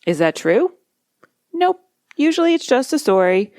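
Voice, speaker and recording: A woman hypnotist hosting a podcast, explaining techniques in a calm, measured way with slow emphatic phrases. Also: high voice, dry recording, clean studio sound. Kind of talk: instructional podcast monologue.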